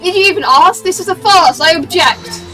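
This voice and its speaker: Woman playing a haughty pompous old prosecutor, scornful, lowered voice, game music behind. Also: moderate pace, pushed and bright. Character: stern pompous older male prosecutor. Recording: distant mic with game music.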